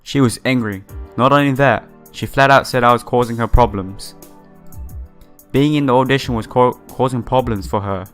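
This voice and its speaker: A man's voice: medium pitch, moderate pace, a bit bright, clear, resonant tone, natural voice. Earnest young idol trainee monologue, read by a man, plain read-aloud, no put-on voice, faint music bed. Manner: plain read-aloud delivery in his own voice.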